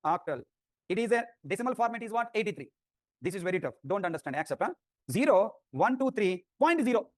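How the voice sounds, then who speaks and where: A male teacher with a high, quick voice fires repeated questions at his class and teases them. The sound is dry and close. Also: sing-song, no echo. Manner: drilling questions, repetitive, teasing students. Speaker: programming teacher.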